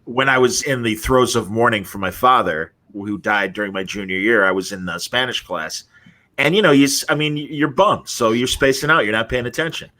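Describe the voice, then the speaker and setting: A man with a bright, forward voice telling a story on a casual podcast. He jumps in and out of the quoted voices of the people in it, keeping the tone loose and chatty. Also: mid-range voice, brisk. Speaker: podcast co-host.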